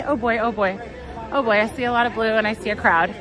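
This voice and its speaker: A woman with a fairly high voice livestreams on a phone in a crowded theme park, fighting back tears. She talks herself through her nerves with shaky little laughs. Loud crowd chatter and park music play behind her. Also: fairly even intonation, quick pace, rough recording. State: tearful, holding back emotion. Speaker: theme park live streamer. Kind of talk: casual live-stream chat.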